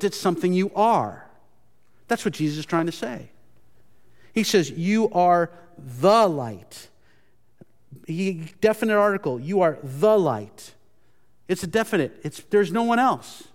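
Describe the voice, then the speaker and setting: A pastor delivering an earnest sermon in a fairly high voice, repeating key phrases for emphasis. His words trail off into a long reverb, as in a church sanctuary. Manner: earnest, repetitive restarts, emphatic.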